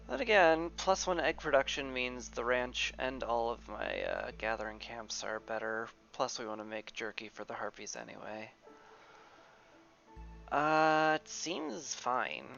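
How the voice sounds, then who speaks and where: Male gamer, gravelly and animated, casual playthrough commentary. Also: medium pitch, dull audio. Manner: musing aloud, playful asides, drawn-out fillers. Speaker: video game player.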